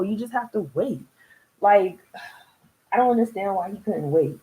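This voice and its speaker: A woman giving a casual video review of a TV show, chatty and animated, laughing often and mimicking the people she talks about. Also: mid-range voice, moderate pace, low-quality recording. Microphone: solo video recording.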